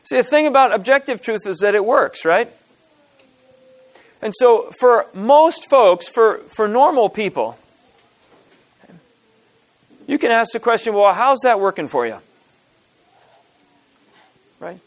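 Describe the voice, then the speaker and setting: A man with a rather high voice speaks to a group in a loose teaching style. He restarts his sentences often, clears his throat between points and presses his listeners with rhetorical questions. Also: lively intonation, measured pace, pauses often. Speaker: speaker at a church teaching session. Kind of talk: informal teaching talk.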